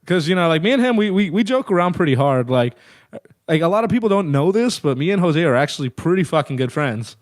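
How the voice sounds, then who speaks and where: A man in his thirties, a guest singer, telling stories in a relaxed, profane way with many fillers. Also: fairly high pitch, fast talker. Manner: profane, laid-back, lots of fillers. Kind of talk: casual storytelling chat.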